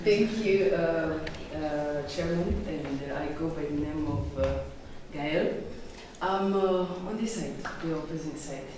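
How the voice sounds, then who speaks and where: A woman's voice: low-pitched, takes it slowly. A young woman speaking for the opposing side as a student debater in a classroom debate, blunt and challenging. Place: university classroom. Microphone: distant room mic. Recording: echoey noisy room, from far off.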